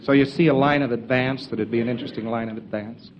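A man's voice: mid-range voice, fairly even intonation, fast, lo-fi sound, background noise. A man giving an informal lecture to trainees in a folksy, emphatic way, with joking asides.

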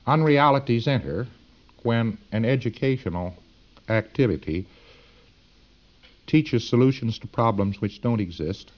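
A man's voice: medium pitch, animated, measured pace, pauses often. Man lecturing on a dull old tape. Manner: folksy, emphatic, digressive. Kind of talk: lecture to students.

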